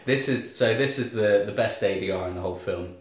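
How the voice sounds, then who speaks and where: A man in a casual film podcast making brief, measured comments. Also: fairly low pitch. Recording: echoey room.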